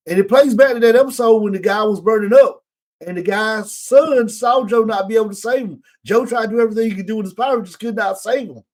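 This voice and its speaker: A man with a high voice talks fast as he hosts a podcast, casually recapping a TV episode in an animated way and acting out the characters' lines as he goes.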